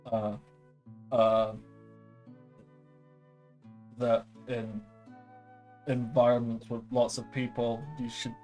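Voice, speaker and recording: A male game master narrates a tabletop game in a relaxed, unhurried way, with plenty of ums and uhs. His voice sits at a middling pitch, and a faint music bed plays underneath.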